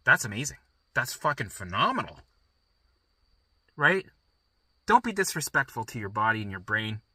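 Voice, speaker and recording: A man's voice: mid-range voice, very animated, normal speed, sharp tone, breathy edge, no room sound. A man coaching listeners through recovery in a blunt, profane, emphatic motivational monologue.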